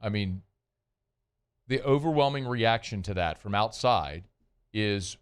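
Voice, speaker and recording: A man's voice: on the low side, takes it slowly, pauses often, smooth. A man hosting sports talk radio, speaking conversationally and giving his opinions with plenty of fillers and restarts.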